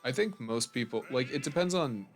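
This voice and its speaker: A man's voice: medium pitch, animated, moderate pace, faint music behind. A tired young man streaming a game, joking offhand and swearing freely in casual chat. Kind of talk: casual chat while gaming.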